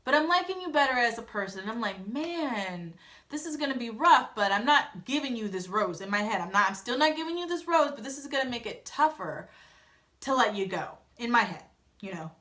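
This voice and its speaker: Young woman vlogging a reality show recap, high bright voice, blunt and animated. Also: a little fast. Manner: animated, blunt, retells scenes in quoted voices.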